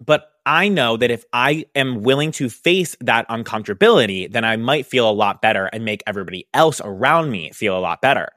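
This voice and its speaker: A young man hosting a podcast, telling a story in a casual, animated way with lots of fillers. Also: medium pitch, a little fast, few pauses, no echo, clean studio sound. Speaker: podcast host, hairstylist business educator.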